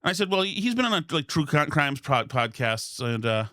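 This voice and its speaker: A man from Massachusetts hosting a podcast, telling a long comic story in a rambling, deadpan way with incredulous asides. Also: fairly high pitch, normal speed, no echo, studio quality. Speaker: podcast host. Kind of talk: comedic storytelling monologue.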